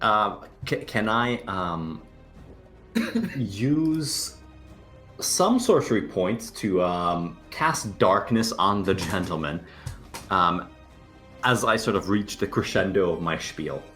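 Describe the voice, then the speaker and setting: Male player at the table, low voice, slow, lively, hesitant and laughing. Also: faint music behind. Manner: laughing, hesitant, full of fillers. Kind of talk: playing a tabletop game.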